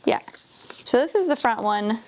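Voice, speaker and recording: A woman chatting casually as she unboxes books, gushing, gasping and dropping into soft whispers. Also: on the high side, expressive, moderate pace, slight background noise. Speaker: book vlogger.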